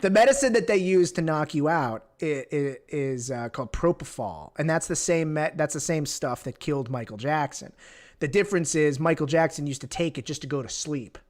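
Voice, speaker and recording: A man's voice: on the high side, moderate pace. A man hosting a livestream, joking crudely in casual chat with lots of restarts. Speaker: livestream host.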